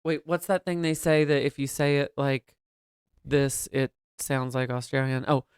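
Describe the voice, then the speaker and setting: A man's voice: medium pitch, fairly even intonation, a little slow, clean tone, no echo, clean studio sound. A man co-hosting a podcast, talking in a campy, playful, theatrical way in casual comedic chat. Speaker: podcast co-host.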